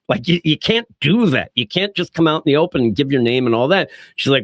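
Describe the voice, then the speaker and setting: A man co-hosting a casual podcast chat, animated and quick to act out quoted lines. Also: mid-range voice, no echo, studio quality. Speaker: podcast co-host reviewing comics.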